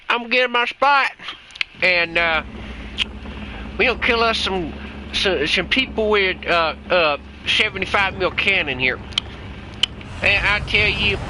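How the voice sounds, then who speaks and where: A man putting on an exaggerated Southern hillbilly voice, drawling and folksy. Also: sits high. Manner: drawling, twangy, hollering. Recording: game noise behind.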